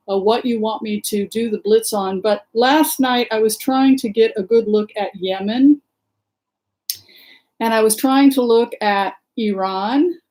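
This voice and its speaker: A woman chatting on a relaxed livestream at a middling pitch. She greets her viewers one by one and rambles a little, with plenty of "uh" and "um". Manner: chatty, greets viewers by name, many fillers. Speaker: livestream host and tarot reader. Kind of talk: casual livestream chat.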